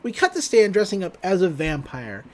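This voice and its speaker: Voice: medium pitch, moderate pace. A podcast host casually recapping a cartoon episode, laughing often and adding wry asides about the plot. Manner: animated, laughs often, acts out characters' lines.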